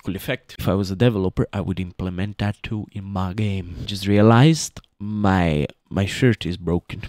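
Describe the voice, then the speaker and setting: A man's voice: lowish voice, darkish tone, no room sound, studio quality. A man giving casual, rambling commentary over his gameplay, joking and talking to his viewers. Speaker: gaming YouTuber.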